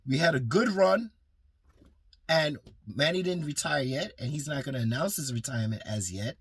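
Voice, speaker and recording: A man talking fast and passionately about boxing on his own channel, rambling and swearing freely as a fan. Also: fairly high pitch, lively intonation, a bit bright, husky, no room sound. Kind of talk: casual fan commentary vlog.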